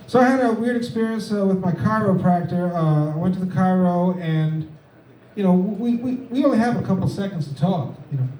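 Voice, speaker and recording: A man doing stand-up in a club, his voice somewhat raised yet mellow and dark. He drops deadpan one-liners between halting fillers, picked up from a distance in an echoey room with a faint hiss underneath. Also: a little high. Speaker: stand-up comedian. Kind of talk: stand-up set at an open mic. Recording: echoey room, mic heard from afar, faint noise.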